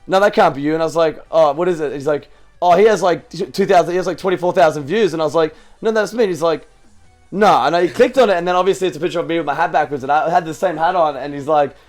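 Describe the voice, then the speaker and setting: A man's voice: fairly high pitch, fast talker, a little mellow, faint music behind. A tipsy man co-hosting a podcast, rambling through a story and acting out the quotes. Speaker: podcast co-host. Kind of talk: casual chat.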